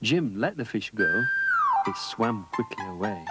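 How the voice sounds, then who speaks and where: A man telling a children's story, gently and expressively, at a mid pitch. His voice rises and falls in a lively sing-song way, with some music playing behind him. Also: measured pace. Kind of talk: reading a children's story aloud.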